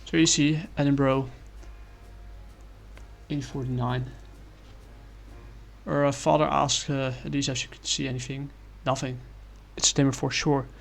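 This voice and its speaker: A man's voice: mid-range voice, level tone, a little slow, vocal fry, pauses often. A man giving a casual comic review, rambling with many fillers and apologies.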